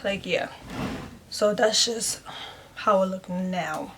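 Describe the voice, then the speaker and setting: A woman with a mid-range, creaky voice speaks slowly over a slight hiss or hum. Chatty and emotional, she shares a casual storytime with her viewers, using "like" constantly, calling them "y'all," and talking openly and earnestly.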